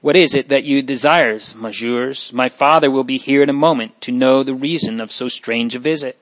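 A man's voice: mid-range voice, normal speed, no echo, natural voice. Arella, a man reading a brave young boy. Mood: defiant. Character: brave young nobleman boy protecting family.

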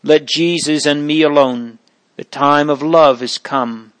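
A man reading aloud from an old memoir, voicing a dying elderly man who pleads in slow, hushed, fervent prayer. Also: fairly high pitch, fairly even intonation, dry recording, close to an everyday voice. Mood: pleading.

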